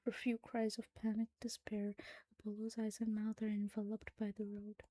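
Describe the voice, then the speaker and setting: A woman's voice: medium pitch, monotone, normal speed, mellow, dry recording. A woman giving a dramatic reading of a horror story, often dropping to a whisper. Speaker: narrator.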